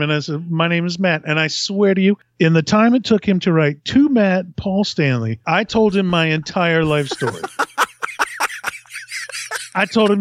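A male podcast host telling an animated story, laughing often and swearing freely. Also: a little high, unhurried, pauses often, a little hiss or hum.

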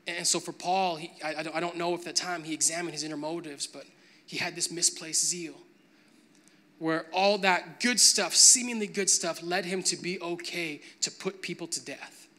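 A man's voice: on the high side, fairly even intonation, normal speed, pushed and bright. A man preaching a sermon, moving from a conversational tone to emphatic, building preaching. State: briefly choked up with emotion.

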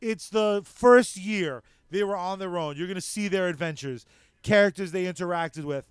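A man's voice: high-pitched, normal speed, clean tone, dry recording. A man co-hosting a casual podcast, ranting heatedly and cursing freely. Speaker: podcast co-host.

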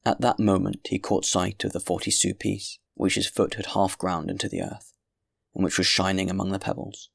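Deep, gravelly male narrator. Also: level tone, no echo, clean studio sound. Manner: measured, grave literary reading. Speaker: audiobook narrator. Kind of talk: scripted narration.

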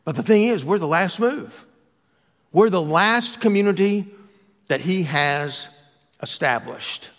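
A pastor delivers a sermon with a fairly high voice, talking to the congregation in a loose, joking way. His voice rings out with a long reverb from the church around him. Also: animated, slow, pauses often, a bit bright. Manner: conversational, joking, with playful asides.

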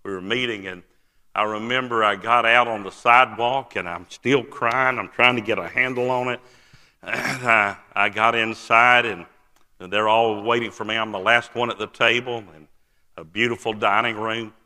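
An older man, preaching a testimony sermon and telling his story earnestly with many "uh" pauses. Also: fairly low pitch, fairly even intonation, sharp tone. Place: large church sanctuary. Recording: long church-hall reverb.

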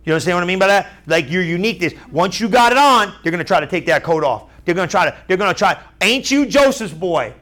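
High-voiced man preaching animatedly. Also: very fast, hardly any pauses. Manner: animated, conversational, acts out crowd voices; repeats phrases, asks "you understand?". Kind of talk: sermon.

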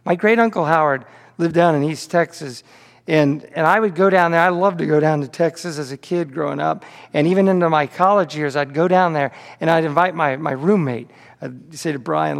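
A man's voice: fairly high pitch, fairly quick, creaky, long reverb tail. A man pastor delivering a sermon, telling a story with frequent repeated words on restarts.

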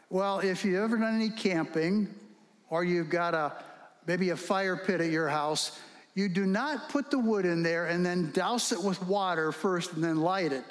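A man's voice: high voice, a little slow. A male pastor preaching a sermon, telling stories animatedly and firing rhetorical questions. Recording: long reverb in a hall.

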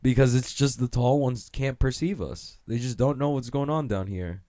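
A man's voice: mid-range voice, normal speed, mellow, no room sound, studio quality. A young man rambling through a profane, self-mocking comedic monologue, laughing at his own jokes.

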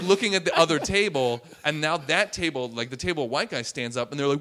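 A man tells a story in a casual chat, slightly higher-pitched than most men, and his voice swings up and down a great deal. He acts out the voices of the people in his story with lots of energy. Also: a little fast, few pauses. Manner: animated, acts out voices in quotes. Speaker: stand-up comedian telling a story.

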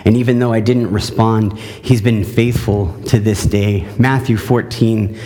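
A man's voice: fairly low pitch, steady tone, a little slow, warm tone. Man preaching in an echoing hall. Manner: conversational, with frequent fillers and restarts. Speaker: pastor. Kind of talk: sermon with scripture reading.

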